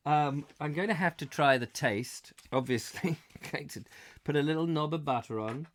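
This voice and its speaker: A man's voice: mid-range voice, normal speed. A man hosting a live call-in chat show, rambling and joking as he chats to callers, with a slight cough. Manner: chatty, jokey, animated, laughs often. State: recovering from a cough.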